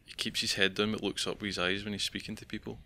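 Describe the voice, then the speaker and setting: A man's voice: on the low side, little pitch movement, quick pace, bright, forceful tone, slight background noise. A Scottish man co-hosting a podcast, chatting casually and rambling about a film he watched. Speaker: podcast co-host. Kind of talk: casual film review chat.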